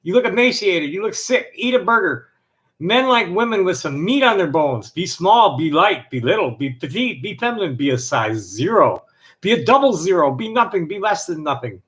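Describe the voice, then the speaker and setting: A man hosting a live stream, reading a text aloud in a steady, rhythmic list cadence and then chatting loosely with restarts. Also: high-pitched, normal speed.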